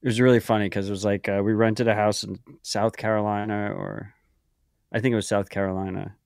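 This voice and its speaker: A man's voice: fairly low pitch, little pitch movement, brisk, creaky, darkish tone, smooth, no room sound. Male podcast co-host, profane rambler, dry close sound. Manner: profane, rambling, filler-heavy. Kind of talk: casual chat.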